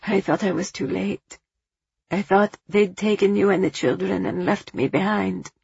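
A woman voicing a desperate, relieved father in a storybook reading, soft-spoken and tearful. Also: mid-range voice, moderate pace, vocal fry, breathy edge, no echo, dull audio, voice pushed up, full character voice. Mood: sad.

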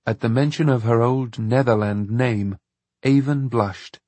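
A man narrating an audiobook with lively, expressive storytelling. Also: mid-range voice, measured pace, no echo. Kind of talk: scripted narration.

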